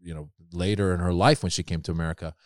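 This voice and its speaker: A man's voice: deep voice, quick pace, no echo, studio quality. A middle-aged man, a comedian, telling stories in casual chat and acting out the people he quotes. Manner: animated, acts out quoted people. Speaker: comedian guest.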